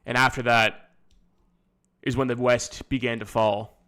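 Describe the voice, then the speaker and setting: A man's voice: medium pitch, little pitch movement, unhurried, bright, forceful tone, clear, resonant tone. A man with a Nova Scotian accent chatting casually on a live stream, rambling with lots of fillers and casual swearing. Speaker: streamer reacting to videos.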